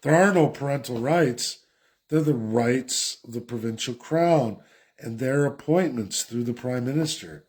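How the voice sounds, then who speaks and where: A man's voice: medium pitch, expressive, unhurried, a little mellow. A man from Canada ranting sarcastically in a political commentary vlog.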